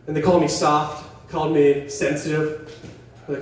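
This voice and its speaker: A man's voice: fairly high pitch, little pitch movement, moderate pace. A young man from West Virginia doing a stand-up set at an open mic in a coffee shop, rambling, profane and self-deprecating as he riffs with the crowd. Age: young adult. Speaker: stand-up comedian. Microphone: camera set up in the room. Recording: echoey room, mic far from the stage. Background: audience laughing.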